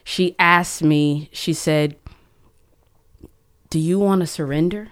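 Low-voiced woman telling a heartfelt story. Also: fairly even intonation. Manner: earnest, emotional storytelling with halting restarts. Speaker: guest. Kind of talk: conversational testimony.

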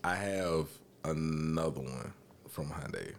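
A young man, telling a story in a casual podcast chat, animated and swearing freely. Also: slow. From Alabama, US. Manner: animated, swearing, acts out quotes in high voices. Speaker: podcast co-host.

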